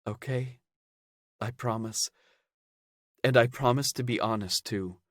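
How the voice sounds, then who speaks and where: Man doing a needy young man, high pleading whimper, breathless, dry close sound, audiobook. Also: takes it slowly, fairly bright tone, no echo. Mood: earnest.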